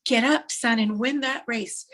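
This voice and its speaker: A woman voicing a father who shouts at his fallen son to get up and win the race, urgent and commanding. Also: a little high, fairly quick. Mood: urging.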